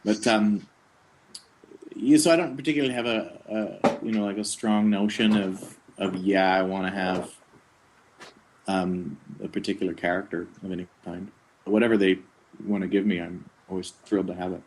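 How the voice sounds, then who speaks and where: A man's voice: low-pitched, a little hiss or hum. A middle-aged man, a voice actor, chatting casually in an interview, telling rambling stories with chuckles. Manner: slips into quick character voices mid-sentence; relaxed, rambling storytelling with chuckles. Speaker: voice actor guest.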